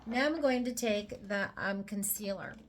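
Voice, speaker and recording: A woman's voice: mid-range voice, measured pace, slight background noise. A woman presenting a casual makeup tutorial, talking the viewer through each step with chatty, playful asides. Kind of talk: casual how-to demonstration.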